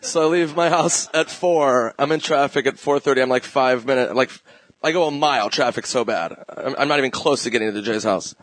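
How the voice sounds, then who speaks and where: A man's voice: mid-range voice, fast talker, a bit bright. A man guesting on a comedy podcast, telling loose rambling stories and laughing often. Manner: laid-back, laughing, rambling anecdotes. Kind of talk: casual storytelling chat.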